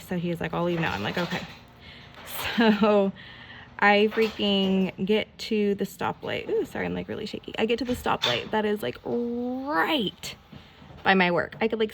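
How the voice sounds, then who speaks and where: A woman telling a rambling, animated story in a casual storytime vlog while she does her nails, full of "like" and mild swearing. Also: mid-range voice, slight background noise. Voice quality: gravelly, creaky voice. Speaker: nail vlogger.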